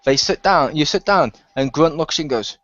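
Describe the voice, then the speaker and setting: A man hosts a gaming podcast and rambles through an animated story, laughing often. His voice sits a little high. The recording is muffled and lo-fi, with a dry room. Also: moderate pace, no room sound. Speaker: podcast host. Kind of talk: casual chat.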